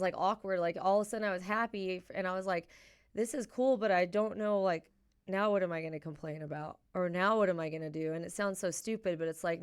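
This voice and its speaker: Female podcast co-host, young adult, low-ish and smooth, animated storyteller. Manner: animated storyteller who acts out quoted voices. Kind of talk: casual chat and storytelling.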